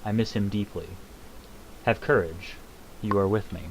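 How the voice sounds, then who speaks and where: A man reading as a calm consoling goddess. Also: on the low side, normal speed, a little hiss or hum, natural voice, rough recording. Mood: solemn. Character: watchful female goddess consoling a fallen hero.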